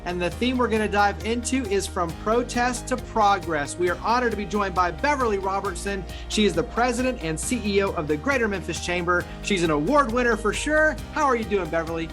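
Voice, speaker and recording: A man with a fairly high voice hosts an interview, friendly and complimentary as he sets up questions. Faint music plays behind him. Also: expressive, brisk, hardly any pauses. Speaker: show host. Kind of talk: interview hosting.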